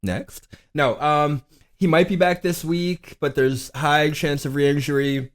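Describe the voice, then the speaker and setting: A man co-hosting a fantasy football podcast, hoarse from a sore throat, blunt and deadpan. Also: fairly high pitch, takes it slowly. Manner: dry, blunt, deadpan jabs. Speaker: podcast co-host. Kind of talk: casual sports podcast banter.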